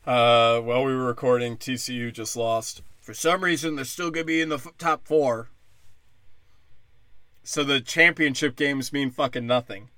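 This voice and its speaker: A man's voice: medium pitch, bright, forceful tone. A man ranting in a casual, comedic way as a podcast host, sarcastic and profane.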